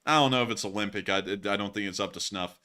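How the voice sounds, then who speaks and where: A man hosting a casual live stream, excitable and laughing often, with sudden loud exclamations. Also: on the low side, quick pace, smooth. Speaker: livestream host.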